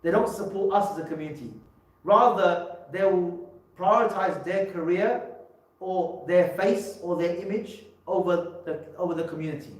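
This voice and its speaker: Male speaker, emphatic public talk, higher voice, distant mic, heavy hall echo. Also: normal speed. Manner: emphatic, with many repeated words and restarts. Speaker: religious scholar giving a talk. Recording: echoey hall, mic from far off.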